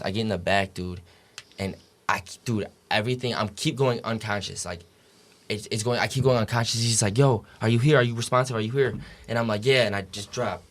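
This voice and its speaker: A young man telling a story as a podcast guest, casual and profane, packed with "like" and "dude". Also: on the low side.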